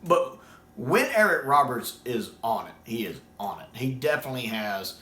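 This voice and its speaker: A man's voice: mid-range voice, moderate pace, roomy sound. A man from the United States, enthusiastically discussing a sci-fi show in casual talk and acting out quoted scenes. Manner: excited, quotes scenes in acted voices.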